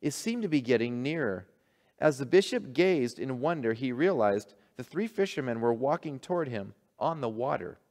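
Male pastor, mid-pitched, folksy conversational preaching, long church-hall reverb. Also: expressive, moderate pace, darkish tone. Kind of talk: sermon with read-aloud story and prayer.

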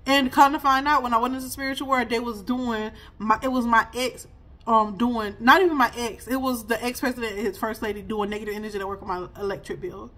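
Woman, 30s, high husky voice; sassy, laughing spiritual reader. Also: fairly even intonation, quick pace, fairly bright tone. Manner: chatty, laughing, sassy asides. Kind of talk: casual spiritual reading vlog.

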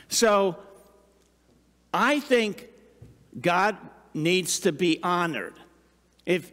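High-voiced pastor preaching in a hall. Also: male voice. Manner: conversational, animated preaching with asides and questions to the congregation. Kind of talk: sermon. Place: church sanctuary. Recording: long reverb of a large hall.

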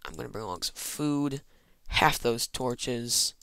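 Man, casual gaming commentary, lively pitch, crisp bright tone, muttered asides. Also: unhurried, dry recording. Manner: rambling, self-mocking, muttering asides. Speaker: Minecraft let's player.

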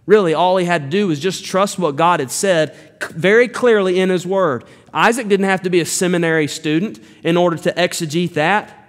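A man's voice: high voice, brisk, few pauses. A male pastor preaching an earnest expository sermon, building up to emphatic rebukes. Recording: long reverb of a church hall.

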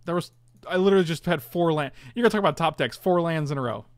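A man's voice: a little high, fast, no echo. A man casually commentating his own online card game, chatty and self-mocking, groaning at his bad draws.

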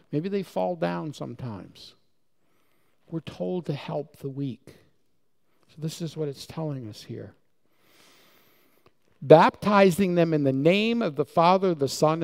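A male pastor preaches to his congregation in a church, with a rough, gravelly edge on his mid-pitched voice. He drives his points home by repeating key words, pressing each one with emphatic weight. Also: a little mellow. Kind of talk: sermon. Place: church sanctuary.

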